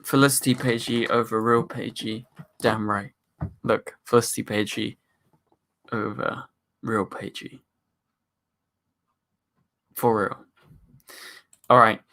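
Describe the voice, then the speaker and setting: A man's voice: lowish voice, level tone, takes it slowly, pauses often, bright, forceful tone. A young man hosting a casual livestream, reading chat questions aloud and rambling through his answers with plenty of fillers. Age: young adult. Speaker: livestream host.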